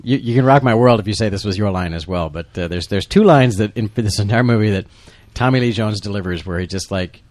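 A man's voice: fairly low pitch, fast, darkish tone, no room sound. A man hosting a casual movie commentary, rambling with restarts and laughing often. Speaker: podcast host.

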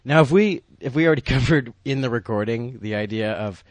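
A man in casual movie commentary chat, animated and laughing, tossing in quick impressions of lines. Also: mid-range voice, no room sound.

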